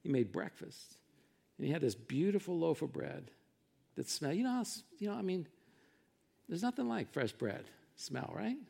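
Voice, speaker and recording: Middle-aged male pastor, conversational storyteller, slightly higher pitch, gravelly texture. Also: moderate pace. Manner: animated storytelling, acting out quotes with rising pitch and volume. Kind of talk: sermon.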